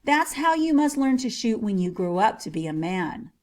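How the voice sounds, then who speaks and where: A woman voicing a big, easygoing forest outlaw who speaks calmly and teasingly. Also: fairly high pitch, normal speed. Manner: calm, teasing.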